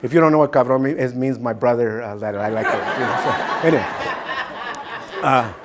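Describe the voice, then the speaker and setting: A man giving a storytelling keynote speech, animated, mixing Spanish phrases into his English. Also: mid-range voice, a little fast, over a noisy crowd, heavy background noise. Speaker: keynote speaker.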